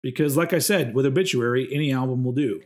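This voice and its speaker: A man's voice: mid-range voice, quick pace, a little mellow. A man co-hosting a podcast, chatting casually in a rambling, self-mocking way. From Texas. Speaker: podcast co-host. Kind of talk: casual chat.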